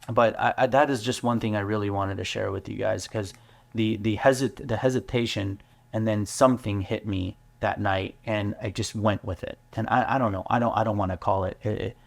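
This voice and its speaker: A man, a business owner, telling his story in an interview, earnest and halting with many fillers and restarts. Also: on the low side, fairly even intonation, vocal fry. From United States. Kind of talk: candid interview talk.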